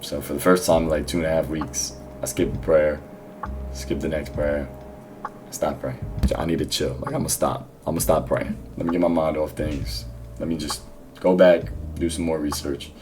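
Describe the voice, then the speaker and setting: Over some background noise, a young man with a very deep voice gives a casual spoken faith testimony for his vlog. He speaks at a moderate pace with fairly even intonation, rambling loosely through his personal story with plenty of slang and fillers.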